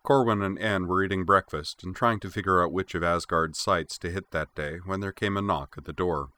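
Brief: male narrator with a deep, dry, close-mic read. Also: a little fast, bright, forceful tone, no echo. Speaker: audiobook narrator. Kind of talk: scripted narration.

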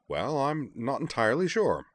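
A man's voice: sing-song, moderate pace, no room sound, lightly acted. A man voicing a fussy, breezy, evasive chatterbox with a chipper, clipped way of talking. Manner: chipper, clipped, rising pitch.

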